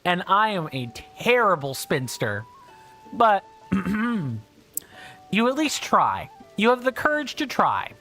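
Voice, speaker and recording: A woman's voice: mid-range voice, big pitch swings, takes it slowly, fairly bright tone, soft background music. A woman streaming a video game from her home office, chatting in a rambling, self-deprecating way. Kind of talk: casual livestream chat.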